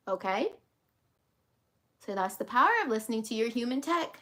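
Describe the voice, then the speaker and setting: A woman's voice: on the high side, expressive, normal speed, long pauses, pushed and bright. A woman life coach giving an emphatic motivational monologue, blunt and preachy, swearing freely and acting out the inner voices of her listeners.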